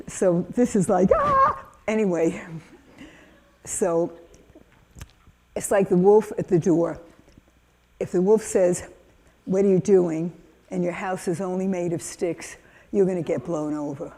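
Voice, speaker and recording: An older woman from the United States giving a lively keynote talk, telling stories and acting out children's voices. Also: fairly low pitch, a little slow, pauses often. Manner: animated storytelling, acts out kids' voices. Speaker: keynote speaker.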